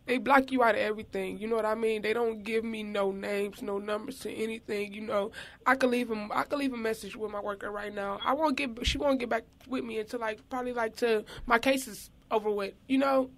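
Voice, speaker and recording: A woman's voice: on the high side, steady tone. Upset woman pleading her case. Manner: upset, pleading, talks fast. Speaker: parent caller. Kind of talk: emotional testimony.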